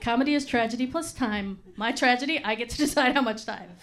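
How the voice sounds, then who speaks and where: A woman's voice: on the high side, fast, a crowd in the background. A woman doing a stand-up comedy set, chatty and laughing, with lots of "like" and "right?".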